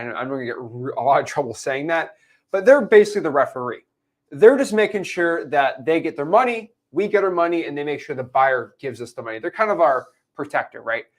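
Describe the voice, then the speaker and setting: A young man teaching a real estate lesson at a whiteboard, animated, checking in with his listeners often and acting out characters in put-on voices. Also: on the high side. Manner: animated, explains with repeated check-ins.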